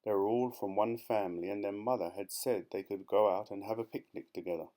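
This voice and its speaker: A man narrates a children's storybook audiobook in a fairly low voice. His reading is lively and expressive, building with the action. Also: fairly quick. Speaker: audiobook reader.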